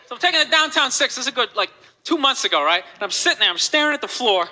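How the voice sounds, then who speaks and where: A man's voice: extremely high pitch, fast, pushed and bright, slight background noise, poor audio. A man doing a rambling stand-up routine, full of "you know"s, in a live recording with a crowd. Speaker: stand-up comedian.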